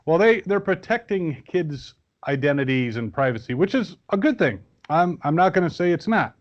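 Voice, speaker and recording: A man's voice: on the high side, sing-song, normal speed, dull audio. A man chatting casually as a guest on a podcast, rambling with many fillers and restarts. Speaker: guest toy reviewer.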